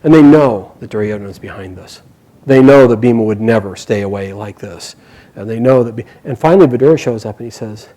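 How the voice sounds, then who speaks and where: Animated male storyteller, shifting loud and hushed. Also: on the low side, rough recording. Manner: lively, animated retelling with quick bursts and hushed quoted asides. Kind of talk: casual oral storytelling.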